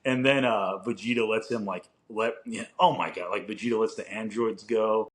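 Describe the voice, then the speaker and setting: Young guy chatting on a podcast, says like a lot, swears, kinda low voice. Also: steady tone, normal speed. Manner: rambling, heavy on "like", swears casually. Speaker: podcast co-host. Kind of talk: casual chat.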